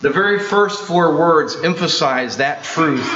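Guy preaching slow n deliberate, kinda high voice, echoey church, dull sound with a low hum. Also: lively intonation. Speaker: pastor. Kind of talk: sermon.

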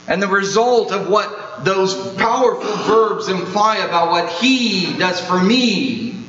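Slow, emphatic male preacher in a roomy hall. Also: high-pitched, lively intonation, fairly bright tone. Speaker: pastor. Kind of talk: sermon. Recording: roomy, dull sound with mains hum.

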